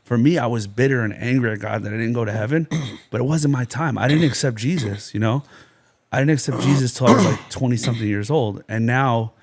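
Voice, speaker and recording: A man from New Jersey talks as a podcast guest, telling his story in an intense, rambling flow. His voice sits in a middle pitch, and he keeps dropping "you know" and "like" as he goes. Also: a little fast. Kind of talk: personal testimony in a podcast interview.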